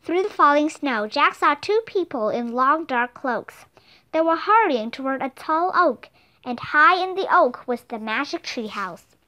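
A woman narrating a children's storybook aloud in an expressive, clear manner. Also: high voice, measured pace. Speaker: audiobook reader.

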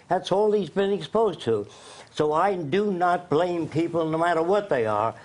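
Blunt male interview guest, emphatic lecturer, slightly high voice. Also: a little mellow.

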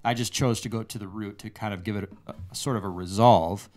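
A man teaching a guitar lesson, explaining a lick step by step in a measured way, often restarting his phrases. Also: lowish voice, fairly even intonation, darkish tone. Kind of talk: relaxed instructional explanation. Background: guitar playing.

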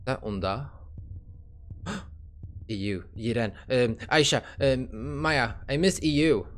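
A young man making a K-pop reaction video, a little out of breath, excitable and swearing, gasping and exclaiming as he talks. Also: mid-range voice, a little slow. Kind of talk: casual reaction commentary. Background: music playing faintly.

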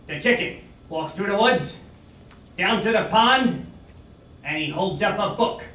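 Eager male joke teller, bright high voice, echoey far mic. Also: expressive, a little slow. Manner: eager, rambling joke delivery. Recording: echoey room, distant mic.

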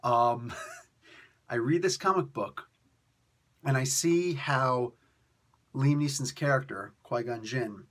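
A man reviewing comics on video in a ranting, sarcastic way, swinging between loud outbursts and quiet mutters, and sounding tired. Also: medium pitch, breathy edge. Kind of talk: animated solo video review.

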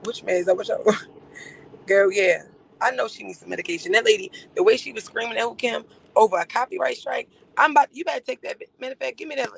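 Sassy campy guy gossiping on a livestream, high raspy-fry voice, teasing and laughing. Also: rough recording. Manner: drawn-out exclamations and laughter.

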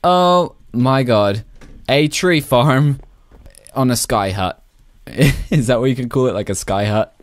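A man casually commentating his own Minecraft play, excitable and laughing often. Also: medium pitch, slow pace, no room sound. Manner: excitable, laughs often, shrieks when startled. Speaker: Minecraft YouTuber.

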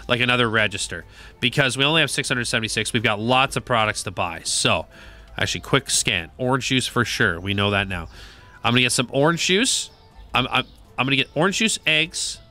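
A man giving casual, joking gameplay commentary, talking to the game's characters and swearing now and then. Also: mid-range voice. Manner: animated, joking, swears and talks to game characters. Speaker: gaming video creator.

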